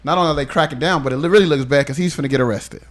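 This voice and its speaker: A young man co-hosting a podcast, telling stories in a casual, animated and profane way. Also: a little high, rapid-fire. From Chicago area. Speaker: podcast co-host. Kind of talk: casual chat.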